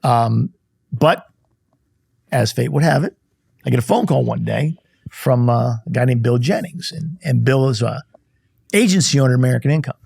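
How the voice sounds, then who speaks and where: A man's voice: mid-range voice, moderate pace, vocal fry, long pauses, a little mellow, breathy edge, no echo, clean studio sound. A man in his fifties, a podcast guest, telling his life story in a candid, blunt way, acting out the dialogue. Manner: candid, blunt storyteller who acts out dialogue and swears lightly. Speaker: guest, insurance company CEO. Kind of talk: storytelling in casual conversation. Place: podcast studio.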